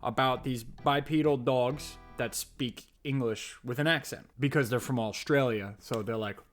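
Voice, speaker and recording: A man's voice: medium pitch, moderate pace, faint music behind. A man in his thirties, a dad, giving a jokey, sarcastic, mock-dramatic commentary on a children's show. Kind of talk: comedic commentary vlog.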